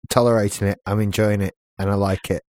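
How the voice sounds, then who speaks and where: A man's voice: fairly low pitch, flat delivery, quick pace, darkish tone, no echo. A man co-hosting a casual chat show, wry and joking. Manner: wry, joking, trivia-minded. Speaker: podcast co-host.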